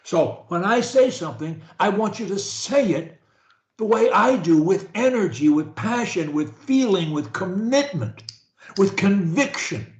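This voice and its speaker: A man's voice: high voice, lively intonation, unhurried. A man coaching a stuttering client over a video call, talking with energy and emphasis and drilling phrases for the client to repeat. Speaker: speech coach. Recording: echoey room on a video call.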